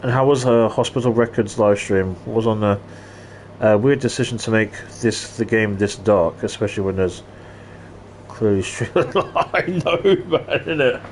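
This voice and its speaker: A man's voice: lowish voice, steady tone, normal speed, darkish tone, slight background noise. A man from London chatting casually and ranting in asides while live-streaming a retro game at his desk mic.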